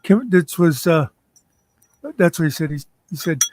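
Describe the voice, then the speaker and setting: A man's voice: on the high side, steady tone, a little slow, noisy background. A man chatting casually on a livestream, telling stories in a blunt, joking way.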